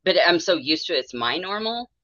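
A woman's voice: fairly low pitch, expressive, brisk, a bit bright, no echo, dull audio. A woman in her thirties, a mental health therapist, talking candidly and rambling in an interview, laughing often and acting out her own thoughts.

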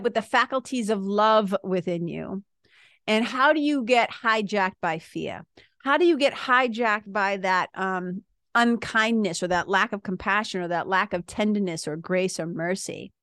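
A woman, a yoga and spiritual teacher talking casually, chatty and animated with frequent asides. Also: mid-range voice, dry recording, clean studio sound. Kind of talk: casual talk.

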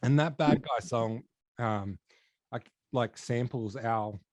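A man's voice: medium pitch, slow pace, darkish tone, dry recording. Rambling male podcast host. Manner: rambling, many fillers and restarts. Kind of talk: casual interview chat.

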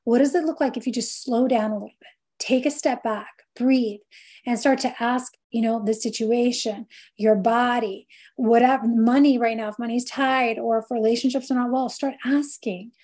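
A woman's voice: on the high side, steady tone, moderate pace, dark tone. A woman host giving a reflective, earnest faith-based wellness talk, quoting scripture and musing aloud with casual fillers.

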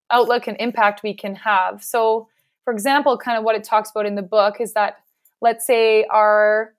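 Earnest woman guest, reflective. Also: mid-range voice. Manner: earnest, reflective, talks at length. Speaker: guest, physical therapist. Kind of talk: casual podcast interview.

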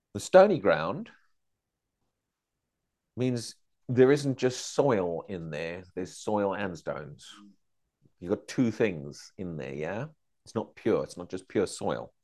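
A man teaching a Bible study, questioning his class and acting out excited believers. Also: fairly low pitch.

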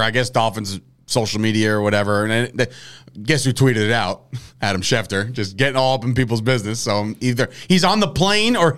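A man's voice: mid-range voice, a bit bright, clear, resonant tone. A man hosting a sports talk show, joking and rambling in casual chat, laughing often.

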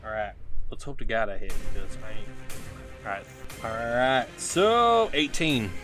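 A man's voice: mid-range voice, sing-song, normal speed, a bit bright, faint music behind. A young man playing a tabletop game, laid-back, joking and profane. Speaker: player.

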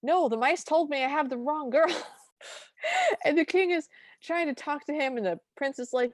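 A woman's voice: sits high, lively intonation, normal speed, no room sound. A woman co-hosting a podcast, giving a wry, sarcastic recap of a film and reading out her own notes. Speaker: podcast co-host. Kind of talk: casual chat recapping a film.

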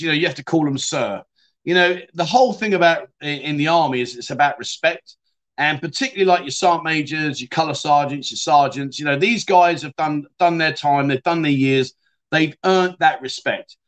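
A man's voice: fairly high pitch, a bit bright. A man hosting a casual livestream, reading out viewer comments and chatting back with frequent "mate" and the odd swear word. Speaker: livestream host.

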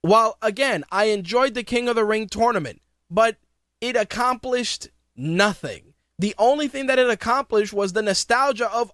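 High-voiced man ranting on a podcast. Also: normal speed, fairly bright tone, dry recording, studio quality. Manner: profane ranting with sarcastic mock voices. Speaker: podcast host. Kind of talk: opinionated wrestling talk.

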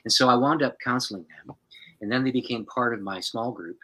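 A man who is a pastor, an animated storyteller who laughs often as a guest on a podcast. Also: medium pitch, fairly quick, poor audio.

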